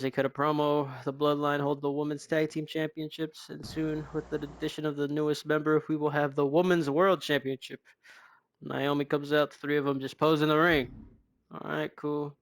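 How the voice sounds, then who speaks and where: A man's voice: on the high side, no echo. Wry young man recapping a game. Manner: brisk, wry, frequent sighs. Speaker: game commentator. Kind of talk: casual let's-play recap narration.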